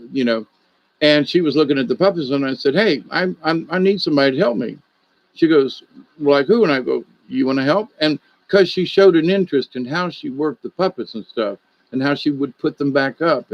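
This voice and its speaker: A man's voice: mid-range voice, dry recording, lo-fi sound. A man, a puppeteer and storyteller, telling an anecdote in a casual, rambling way, with many restarts and quoted dialogue.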